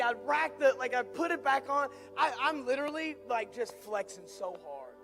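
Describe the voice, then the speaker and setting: A young man preaching through an animated personal story, building from quiet asides to excited shouts. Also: very high-pitched, normal speed, vocal fry, hardly any pauses, music in the background. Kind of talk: storytelling sermon.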